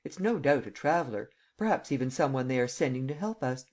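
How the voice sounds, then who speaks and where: A man reading an audiobook and voicing a mocking, cocky gentleman thief who climbs high and loud when he teases or rages. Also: brisk, close to an everyday voice. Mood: amused. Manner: teasing, lively, rising to shouts.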